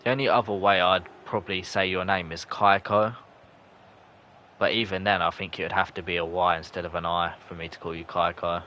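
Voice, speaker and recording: A young man, streaming live, commenting on the match and chatting with viewers, breaking into shouts at close chances. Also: deep voice, little pitch movement, fairly quick, muffled recording, slight background noise. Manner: chatty, bursts into shouts at near misses. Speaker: gaming streamer. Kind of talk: live gameplay commentary and chat reading.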